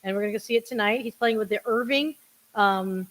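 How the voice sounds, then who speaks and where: A woman's voice: mid-range voice, a little fast. A woman co-hosting a podcast in casual chat, laughing and rambling with fillers while sharing one microphone. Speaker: podcast co-host and producer. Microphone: one shared microphone.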